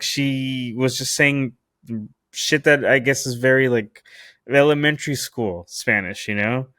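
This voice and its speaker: A young man hosts a podcast alone and tells a story with profane, animated energy. His voice sits at an ordinary middle pitch. The recording is dry and close, with no room sound. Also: dry recording. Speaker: podcast host.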